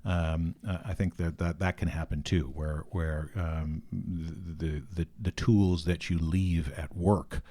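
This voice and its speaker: A man's voice: low-pitched, steady tone, slow, few pauses, mellow. A man speaking as a podcast guest, thoughtful and hesitant, with many fillers and restarts. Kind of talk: conversational interview.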